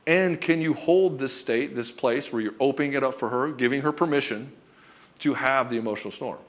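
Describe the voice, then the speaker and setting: Dude coaching guys on relationships, talks fast, blunt, swears a lot. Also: male voice, medium pitch. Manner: blunt and profane, fast and emphatic; acts out short quoted lines in other voices. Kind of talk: direct-to-camera coaching talk.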